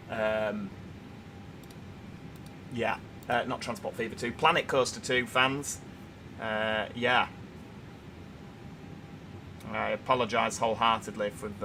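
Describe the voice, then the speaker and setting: A young man with a Yorkshire accent hosts a relaxed livestream, chatting while reading viewers' comments aloud. His voice is fairly low and unhurried, with long pauses, and there's noise in the background.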